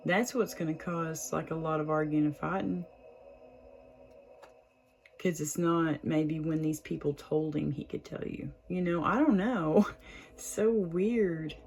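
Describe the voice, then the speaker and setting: A woman's voice: sits low, steady tone, a little slow, a little hiss or hum, poor audio. A young woman, chatting casually to her viewers as she reads tarot, laughing often. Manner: chatty, warm, lots of "y'all" and laughs. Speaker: tarot reader, channel host. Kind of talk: casual tarot reading to camera.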